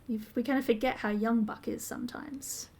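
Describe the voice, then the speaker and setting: A woman's voice: fairly high pitch, fairly even intonation, moderate pace, gravelly, a little mellow, breathy edge. A woman co-hosting a podcast, recapping a TV episode in a casual, detailed, step-by-step way with frequent ums. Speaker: podcast co-host.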